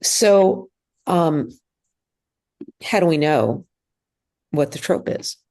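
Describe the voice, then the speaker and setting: A woman teaching a synagogue class, speaking hesitantly with many ums and pauses. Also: low-pitched, lively intonation, dark tone. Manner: hesitant, many ums, sings trope examples. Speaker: bar mitzvah trope teacher. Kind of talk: classroom lesson.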